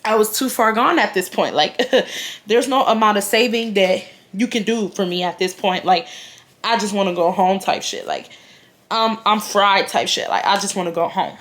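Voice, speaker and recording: A young woman telling a storytime, chatty and slangy, with animated voiced quotes of the people in her story. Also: mid-range voice, moderate pace. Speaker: vlogger. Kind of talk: casual storytime.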